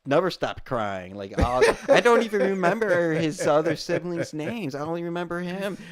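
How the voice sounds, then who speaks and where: A man's voice: fairly high pitch, normal speed, a loud crowd. A man from Ohio, co-hosting a podcast in casual chat, telling stories and acting out quotes with laughs. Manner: animated storyteller, acts out quotes with laughs. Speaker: podcast co-host.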